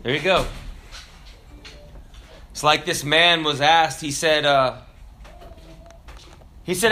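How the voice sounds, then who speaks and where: Man, pastor, sermon, slightly high pitch, bright tone, emphatic, humorous asides. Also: steady tone, slow, long pauses, slight background noise.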